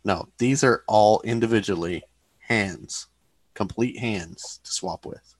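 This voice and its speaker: Casting: deep-voiced man, casual hobby chat, dry close sound. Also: takes it slowly, husky, no room sound. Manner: easygoing, rambling with fillers. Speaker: model kit hobbyist on a group chat show.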